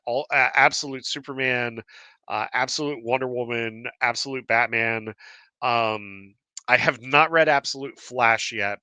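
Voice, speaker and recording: A man hosting a live podcast stream in casual chat, excited and laughing often, with lots of fillers and restarts. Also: medium pitch, no room sound. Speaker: podcast host.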